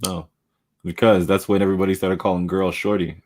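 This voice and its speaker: Speaking briskly in a low voice, this podcast host keeps the chat casual, acting out quotes as he tells lively stories and laughing a lot.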